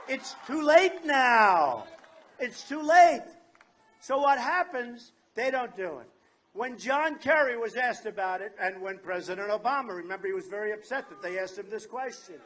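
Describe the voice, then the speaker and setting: A man giving a campaign rally speech at an outdoor fair, boastful and repetitive, often shouting his points. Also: extremely high pitch, lively intonation, unhurried, slight background noise. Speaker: political candidate.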